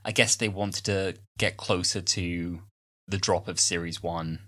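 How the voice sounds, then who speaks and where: Low-voiced man in his twenties, chatty podcast co-host. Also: fairly even intonation, bright, forceful tone. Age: 20s. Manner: chatty, self-deprecating asides, quick bursts. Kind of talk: casual chat.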